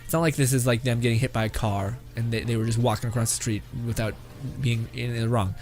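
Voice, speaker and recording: A man's voice: medium pitch, steady tone, quick pace, darkish tone, faint music behind. A man hosting a casual reaction video who rambles, swears freely and keeps breaking into laughter.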